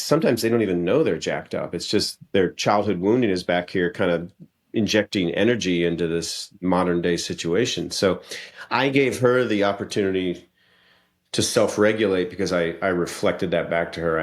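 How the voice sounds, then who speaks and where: Low male podcast guest, earnest coaching tone, casual and repetitive. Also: normal speed. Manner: earnest, coaching men directly, frequent restarts.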